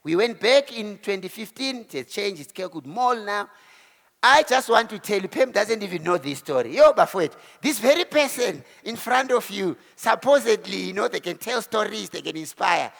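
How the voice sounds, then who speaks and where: A South African man in his forties giving an animated motivational talk to a live audience, telling his story and acting out the voices of the people in it. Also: high-pitched, moderate pace, gravelly. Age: 40s. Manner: animated storyteller who acts out quotes and exclamations. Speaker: keynote speaker. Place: event hall. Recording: hall reverb.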